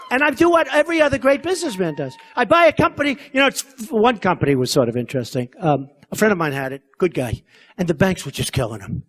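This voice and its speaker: Boastful rambling man at a rally. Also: high voice. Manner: boastful, rambling, repetitive asides to the crowd. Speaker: political candidate speaking at a convention. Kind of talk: campaign rally speech. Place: convention hall stage.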